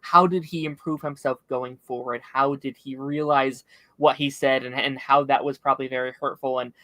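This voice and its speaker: A man's voice: medium pitch, fairly even intonation, moderate pace, sharp tone, dry recording. A man co-hosting a podcast, talking thoughtfully and earnestly with lots of filler words. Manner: thoughtful, earnest, many likes. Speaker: podcast co-host. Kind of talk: casual chat.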